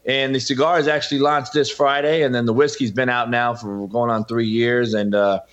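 A man's voice: mid-range voice, steady tone, moderate pace, a bit bright. A middle-aged man, a football coach and podcaster, talking emphatically as a guest in an interview and often addressing the host by name. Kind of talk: impassioned interview talk. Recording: dull lo-fi audio.

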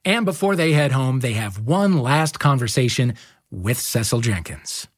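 A podcast host reads scripted narration in a measured, wry way. His husky voice rises and falls in lively swings. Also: medium pitch.

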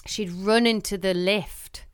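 A woman co-hosting a podcast, telling a story in animated bursts that speed up when she relives the panic. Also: mid-range voice, takes it slowly, smooth, dry recording, clean studio sound. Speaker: podcast co-host. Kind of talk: casual chat.

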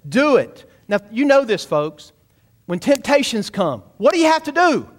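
Pastor in the pulpit, high-pitched, emphatic, pushes the congregation to respond. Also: male voice, big pitch swings, moderate pace. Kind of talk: sermon. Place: church sanctuary.

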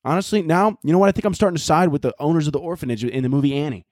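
A man's voice: fairly high pitch, rapid-fire, a little mellow, no room sound, studio quality. A young man hosting his own podcast, rambling in a profane, self-mocking comic rant. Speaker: podcast host. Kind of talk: solo comedic podcast rant.

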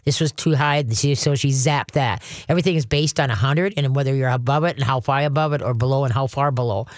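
A woman's voice: rumbling low, fast talker, dry recording, clean studio sound. An older woman hosting a call-in radio advice show, chatty and folksy, often acting out the commands she gives.

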